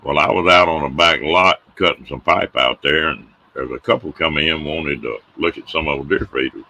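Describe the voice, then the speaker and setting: A middle-aged man with a drawl hosts a casual show and tells tall tales. His voice sits very low, with a bright, forceful tone. He tells his folksy yarns with a laugh close behind. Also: normal speed, slight background noise. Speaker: host telling stories. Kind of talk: casual storytelling on a live show.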